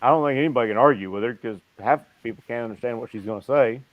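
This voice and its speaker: Cursing biker host telling stories. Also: male voice, mid-range voice, rapid-fire, phone-quality sound. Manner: profane storytelling. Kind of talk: casual group chat.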